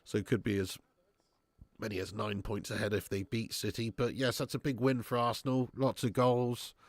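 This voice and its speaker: A man's voice: on the low side, flat delivery, moderate pace, no room sound. A man hosting a casual live watch-along stream, bantering with chat, reading out super chats and swearing freely.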